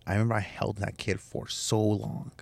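A man's voice: on the low side, level tone, normal speed, creaky, a little mellow, no echo. A young man hosting a podcast, telling a personal story in a candid, emotional, rambling way with restarts and swearing. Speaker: podcast host.

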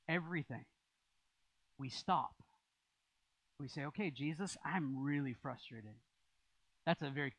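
Man, pastor sermon, slightly high voice, dry dull recording. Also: no echo. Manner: conversational preaching with rising emphasis.

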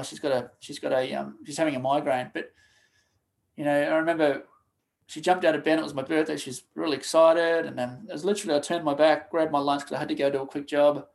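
A man, a podcast guest telling a personal story of loss in a halting, emotional way, full of restarts and pauses. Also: a little high, vocal fry. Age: 30s. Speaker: guest, charity co-founder.

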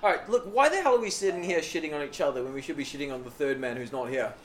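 A man's voice: on the high side, very fast, a little hiss or hum. A young man co-hosting a podcast, telling rambling, profane stories in casual banter. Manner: rambling, profane, animated storytelling. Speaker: podcast co-host. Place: living in a southern Chinese city.

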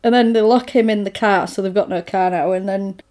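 Animated woman retelling a film. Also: medium pitch, fairly quick. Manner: animated storyteller, acts out quotes. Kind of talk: casual chat retelling a film.

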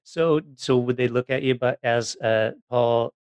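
A man hosting a casual interview, asking relaxed questions and giving short agreeing replies. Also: mid-range voice, a little slow, clear, resonant tone, no echo. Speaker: host.

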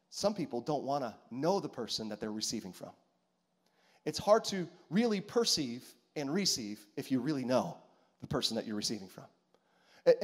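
Male pastor preaching, high voice swooping all over, keeps asking the crowd to repeat stuff. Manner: animated, repetitive, calls to the congregation. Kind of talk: sermon.

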